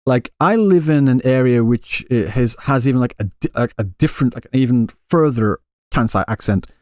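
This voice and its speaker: A man's voice: mid-range voice, expressive, normal speed, a little mellow, dry recording, studio quality. A male streamer living in Japan answering live chat questions in a casual, rambling way with many restarts. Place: Japan, Kansai area.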